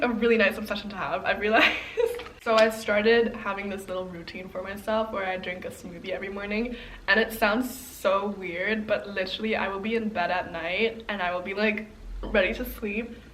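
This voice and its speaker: A woman's voice: medium pitch, fairly bright tone, slight background noise. A young woman chatting casually through her makeup routine, rambling with lots of fillers and giggles. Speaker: beauty vlogger. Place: home, getting ready on camera.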